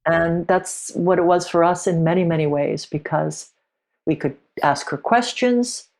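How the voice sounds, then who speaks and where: Low-voiced middle-aged woman telling a story. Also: creaky, a little mellow. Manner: reflective, halting, with frequent restarts. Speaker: podcast guest. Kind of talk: personal storytelling in an interview.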